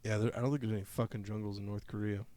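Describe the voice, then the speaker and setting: A man's voice: on the low side, little pitch movement, very fast, dark tone. A young man co-hosting a casual gaming podcast, reading news aloud with a joking, infomercial-style delivery. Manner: reads news aloud, then jokes around in an infomercial tone. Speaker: podcast co-host.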